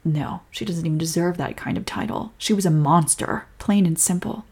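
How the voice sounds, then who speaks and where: Breathy young woman, whispered role-play, soft protective girlfriend tone. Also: on the low side, moderate pace.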